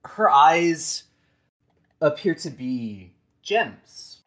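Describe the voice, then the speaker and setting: A game master narrating a tabletop role-playing game. The speech is slow and soft, full of ums and restarts. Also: mid-range voice, lively intonation, low-quality recording. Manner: soft-spoken, hesitant with many fillers.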